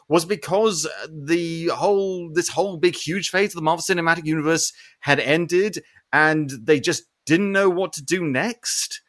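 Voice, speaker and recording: Male podcast host, fairly high-pitched, animated and ranty, casual film review chat. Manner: animated ranting with frequent swearing.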